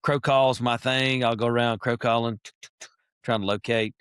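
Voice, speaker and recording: A middle-aged man, a podcast guest chatting casually and telling lively stories, now and then imitating animal calls. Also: mid-range voice, normal speed, smooth, no echo, clean studio sound. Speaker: podcast guest, wildlife biologist. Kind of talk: casual interview chat.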